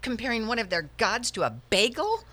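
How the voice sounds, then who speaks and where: A woman's voice: lowish voice, very animated, fairly quick, bright, forceful tone, full character voice. An actress playing a prim, disapproving middle-aged woman traveler in a stage scene, with a scolding, proper delivery. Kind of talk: stage scene performed in a studio. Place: studio.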